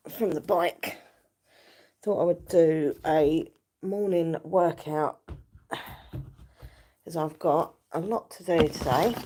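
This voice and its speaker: A woman chatting casually on a home livestream while pedaling an exercise bike, her voice croaky from just waking up, into a phone held close. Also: sits low, darkish tone, a little hiss or hum. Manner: chatty, rambling, laughs often while pedaling.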